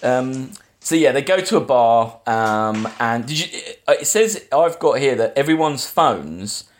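Rambling, animated podcast host, a man. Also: medium pitch, unhurried. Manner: rambling, animated retellings with many restarts. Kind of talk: casual film-review chat.

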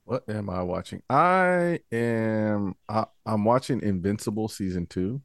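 A man with a low, gravelly voice chats in a jokey, animated way. His pitch swings widely as he gets going, and the sound is dry. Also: measured pace, no echo. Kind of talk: casual chat.

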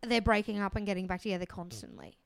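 A woman co-hosting a podcast in casual chat, relaxed and agreeable, with many yeahs and fillers. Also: medium pitch, quick pace, creaky, clear, resonant tone, no room sound.

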